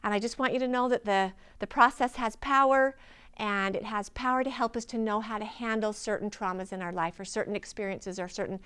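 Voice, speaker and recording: A woman's voice: mid-range voice, steady tone, a little fast, a bit bright, smooth. A woman in her forties, a healing practitioner, giving an earnest, inspirational personal testimony.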